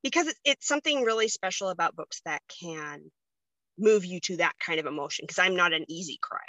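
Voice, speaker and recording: A woman's voice: fairly low pitch, animated, brisk, pushed and bright, no room sound. A woman hosting a podcast, talking in a chatty, gushing way about books that moved her. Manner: chatty, gushing, laughs easily. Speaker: podcast host. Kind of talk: casual chat.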